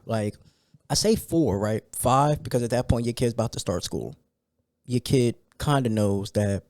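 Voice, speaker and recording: Low, mellow-voiced man talking loosely on a podcast. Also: no room sound, clean studio sound. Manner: loose and conversational, with fillers and rising excited rants. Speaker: podcast host. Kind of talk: casual solo podcast talk.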